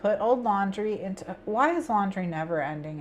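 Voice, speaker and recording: A woman's voice: mid-range voice, animated, normal speed, a little hiss or hum. A woman hosting a casual craft stream, thinking aloud and chatting with viewers in a rambling way. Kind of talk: casual chat with viewers while planning.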